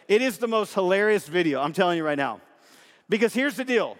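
A man preaching a sermon as a pastor, emphatic and conversational, animated in his delivery. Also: high-pitched, fast talker. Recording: long hall reverb.

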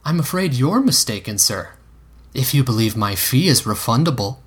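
A man voicing a bold, flirtatious adult woman with a teasing, coy way of talking and a husky voice. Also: mid-range voice, big pitch swings, normal speed.

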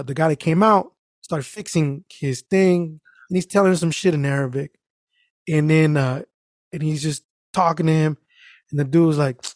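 A man telling a story in casual podcast chat, animated and profane, acting out the people in it. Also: on the high side, dry recording, studio quality. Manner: animated, profane, acts out the people in his stories.

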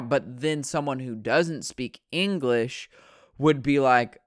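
A man's voice: medium pitch, moderate pace, a bit bright, dry recording, studio quality. A man from the United States chatting in a rambling, profane way, correcting himself as he goes. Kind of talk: casual rambling chat.

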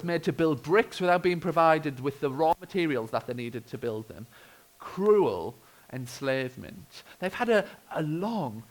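Lively, gravelly British preacher. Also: male voice, a little high, low-quality recording. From United Kingdom. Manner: expressive storytelling with wry humour. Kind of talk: sermon.

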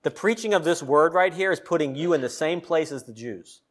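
A male pastor preaching a sermon, emphatic, with loud peaks and pointed questions to the congregation. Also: a little high, expressive, fairly quick.

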